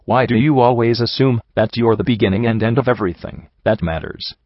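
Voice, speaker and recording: A man reading the part of a stern, cryptic male card dealer in a soft, raspy voice, pressing with questions. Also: medium pitch, fairly quick, no echo, natural voice. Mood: reproachful. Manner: lecturing, probing questions. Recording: dull lo-fi audio.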